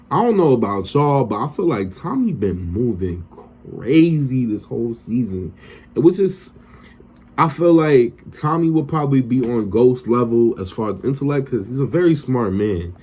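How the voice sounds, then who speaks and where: A man's voice: mid-range voice, lively intonation, unhurried, darkish tone, breathy edge. A young man recapping a TV episode in loose, slangy, profane casual chat. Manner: loose, slangy and profane, acts out characters' lines. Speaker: TV recap vlogger.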